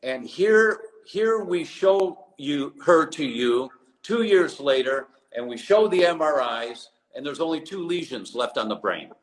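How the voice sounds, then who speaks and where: A man with a fairly high voice speaks unhurriedly as a guest in a remote live interview from abroad. He tells stories animatedly and acts out the people he quotes; the recording is low quality with slight background noise.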